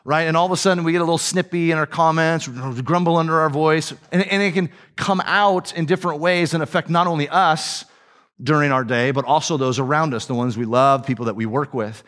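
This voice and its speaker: Male pastor, kinda higher voice, casual storytelling sermon, lots of "right?". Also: fairly even intonation, brisk, a bit bright. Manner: conversational storytelling, often asks "right?" and "okay?".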